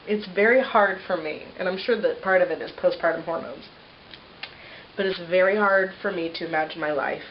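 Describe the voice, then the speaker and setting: A woman in her thirties chatting casually in a vlog, a mother of three giving a tender, meandering baby update full of fillers. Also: fairly low pitch. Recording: slightly muffled with faint hiss.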